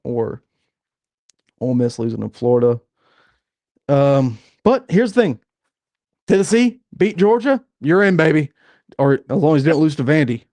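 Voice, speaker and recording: A man co-hosting a casual sports podcast, talking in a relaxed, conversational way. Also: fairly high pitch, moderate pace, long pauses, dry recording. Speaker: podcast co-host.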